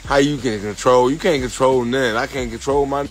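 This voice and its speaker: A man joking around with his partner at a pool at night, cursing and complaining loudly. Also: mid-range voice, a little fast, poor audio. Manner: profane, animated, indignant. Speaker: vlogger. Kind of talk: casual banter.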